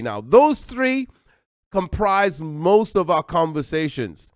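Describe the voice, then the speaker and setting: A man with an American accent preaching a sermon as pastor, animated and acting out little everyday dialogues. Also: medium pitch, clear, resonant tone, dry recording, studio quality.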